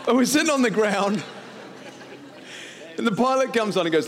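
A male pastor preaches from the stage of a large church hall, his fairly high voice trailing a long reverb. He tells stories in a lively, joking way and pushes up into shouted climaxes. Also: normal speed, pauses often. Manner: animated, jokey storyteller who shouts into loud climaxes. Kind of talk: sermon with storytelling.

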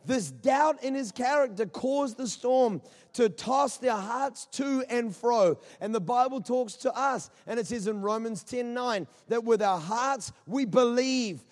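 A man preaching a sermon as pastor, impassioned and full of rhetorical questions, repeating phrases for emphasis. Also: very high-pitched. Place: auditorium. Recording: long reverb of a large auditorium.

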